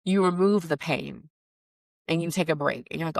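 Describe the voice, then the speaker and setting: A woman's voice: sits low, steady tone, quick pace, no room sound, poor audio. A woman hosting a casual solo podcast as a career coach, chatty and encouraging with lots of "like" and "okay.".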